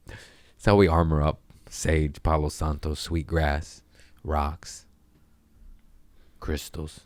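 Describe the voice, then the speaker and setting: A man with a deep, low voice hosts his podcast alone, riffing in a casual, crude way and laughing at himself. The sound is dry and close, with no room echo. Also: flat delivery, slow pace, pauses often. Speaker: podcast host. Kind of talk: casual solo podcast monologue.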